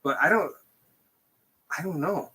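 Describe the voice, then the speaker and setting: A man's voice: on the high side, measured pace, sharp tone, breathy edge. A man co-hosting a podcast, chatting casually and laughing often. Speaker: podcast co-host. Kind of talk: casual chat.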